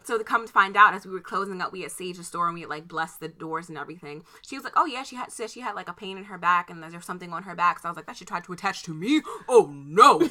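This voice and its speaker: This podcast co-host is a young Maryland woman who speaks very fast with few pauses, her lowish voice bright and forceful. In a casual chat, she tells a story animatedly, laughing and performing the different voices.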